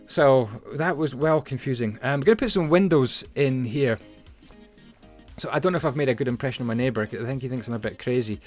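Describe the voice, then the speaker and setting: Male host, mid pitch, rambling build commentary with story asides, faint music behind. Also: fast, a little mellow. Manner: rambling, chatty, many fillers and asides. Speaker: Minecraft building channel host.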